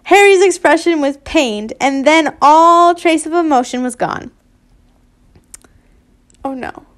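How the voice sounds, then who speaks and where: A woman's voice: sits high, measured pace. A woman casually reading a fanfiction story aloud, often stumbling and correcting herself, with asides. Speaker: fanfiction reader.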